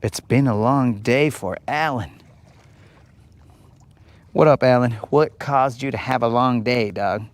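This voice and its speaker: A man's voice: mid-range voice, takes it slowly, long pauses, dry recording. A man hosting a live fishing stream from a boat outdoors, chatting to viewers in a casual, joking, slangy way. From United States. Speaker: fishing livestream host.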